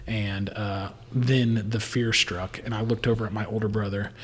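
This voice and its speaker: Casual male guest, low and husky, meandering storyteller with lots of fillers, long reverb on the recording. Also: little pitch movement, moderate pace. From Indiana. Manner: rambling, laughing storyteller with many fillers. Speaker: distiller.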